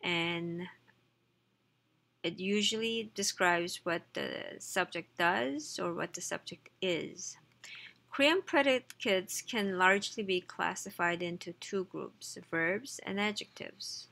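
A woman teaching a textbook lesson, reading lines quickly, then explaining them slowly and chattily with small slips and self-corrections. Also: lowish voice, vocal fry, pushed and bright. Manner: reads Korean lines fast, then explains slowly in English. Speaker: Korean language teacher.

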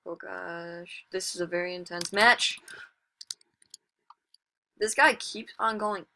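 A woman hosting her own gaming video, chatting her way through each match with sudden excited outbursts. Her voice is bright and tense, yet she talks at an unhurried, drawn-out pace. A faint hiss sits under the recording. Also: lowish voice. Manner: excitable, chatty, self-mocking, with sudden exclamations. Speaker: gaming channel host. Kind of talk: casual gameplay commentary.

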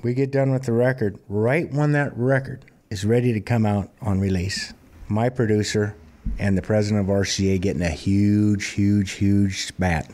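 A man in his fifties from Montana, a singer-songwriter telling plainspoken stories in a relaxed interview. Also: fairly low pitch, moderate pace. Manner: relaxed, plainspoken anecdotal storyteller. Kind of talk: conversational storytelling interview.

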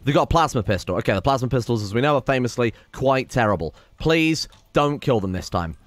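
Male gaming host, casual play-by-play, excitable and sweary, dry close mic, mid pitch. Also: fairly quick, no echo. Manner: excitable, swears, talks to his colonists. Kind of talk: casual let's-play commentary.

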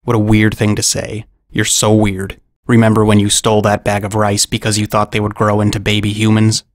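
A man voicing an angry, vengeful male man-eating lion in a storybook narration, speaking in a gruff, menacing growl. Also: on the low side, completely flat delivery, a little fast, dry recording, clean studio sound, close to an everyday voice. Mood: scornful.

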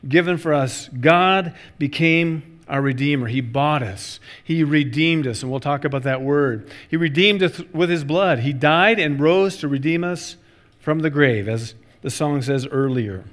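A man's voice: on the high side, a little slow. A middle-aged male pastor preaching a sermon, telling stories with acted-out voices and repeating key phrases for emphasis. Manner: animated storytelling with acted-out voices.

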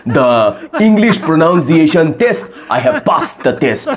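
A man's voice: a little high, sing-song, unhurried, crowd noise. A man playing a stubborn, overconfident lady student who boasts in broken English and drags out her words. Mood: defiant. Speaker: comedy sketch creator. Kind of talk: comedic sketch acting.

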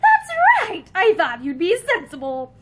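A domineering husband from a storybook speaks in short, clipped commands, as a woman reads him aloud. The voice sits high and swings lively up and down. He sounds bossy and sure of himself. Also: moderate pace, slight background noise. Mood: stern. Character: curt, domineering husband, a man.

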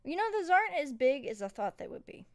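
A young woman streaming a racing game, swearing, laughing and yelling at her opponents as she plays. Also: high-pitched, sing-song, fast talker, no room sound. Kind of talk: live gaming commentary.

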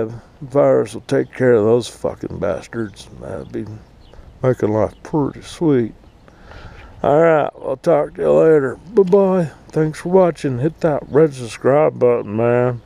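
A man's voice: mid-range voice, measured pace, creaky, mellow. A man ranting bluntly and profanely in a casual outdoor vlog at an RV park. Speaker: vlogger.

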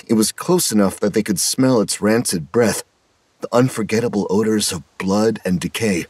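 Low, husky male horror narrator. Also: moderate pace, darkish tone, no room sound.

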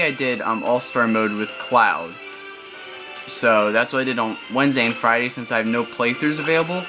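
A man's voice: mid-range voice, low-quality recording. A young man hosting casual gameplay commentary, chatty and loose, breaking into frustrated outbursts. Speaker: gaming channel host. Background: video game music.

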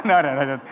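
A middle-aged man preaching a sermon as a pastor, animated and calling on the congregation to answer back. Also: sits high, a little hiss or hum. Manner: animated preaching with audience call-and-response. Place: church hall. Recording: church hall with long reverb.

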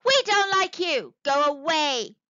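A woman voicing a grumpy zebra who sulks and shouts in a storybook read-aloud. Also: high voice, lively intonation, takes it slowly, no echo, muffled recording, exaggerated voice. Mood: annoyed. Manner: sulky, shouting.

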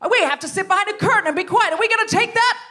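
A woman's voice: very high-pitched, very fast, over loud music, voice pushed up. A woman improvising a fiery nineteenth-century woman journalist who rallies her friends with indignant speeches. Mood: rousing indignant. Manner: rousing, indignant speech-making. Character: fiery 1860s woman journalist, club ringleader. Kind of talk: improvised comedy scene on a live stage.

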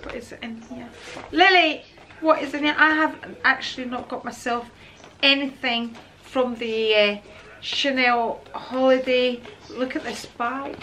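A woman in her fifties unboxing gifts on her vlog, gushing and stammering with excitement, repeating her exclamations. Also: high-pitched, a little slow, a little hiss or hum, poor audio. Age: 50s. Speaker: vlogger.

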